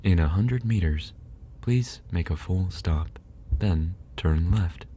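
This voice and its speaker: A man's voice: low-pitched, slow pace, mellow, a little hiss or hum. A man doing a bossy car GPS voice. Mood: instructive. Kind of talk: ASMR livestream role-play.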